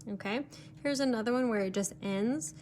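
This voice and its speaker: A woman's voice: on the high side, normal speed, darkish tone, slight background noise. A woman teacher giving a recorded remote lesson, explaining step by step with many fillers, sometimes turned away from her computer mic.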